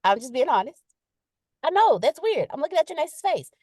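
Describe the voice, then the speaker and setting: A woman whose voice sits high talks briskly, and the studio-quality audio has no echo. In a casual motivational talk during a live leadership session, she chats directly and reads viewer comments aloud, repeating them for emphasis. She acts out quotes in exaggerated voices, animated and playful.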